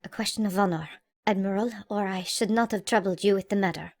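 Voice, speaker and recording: A woman voicing a pale, distressed middle-aged male mayor in an audiobook, speaking low and pleading. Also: brisk, a little mellow, close to an everyday voice. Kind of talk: audiobook character voice.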